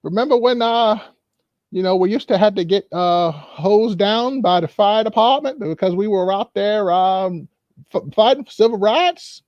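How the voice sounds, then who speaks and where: A man voicing a chatty elderly person who reminisces about old times in a high, hesitant voice. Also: normal speed, no room sound, natural voice. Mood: nostalgic. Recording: dull, lo-fi.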